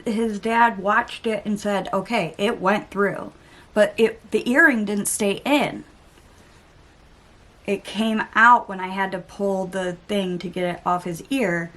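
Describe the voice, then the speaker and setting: A woman's voice: mid-range voice, fairly bright tone. A young adult woman vlogger telling a story in casual chitchat while getting ready, with exasperated asides and mild swearing. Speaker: beauty vlogger.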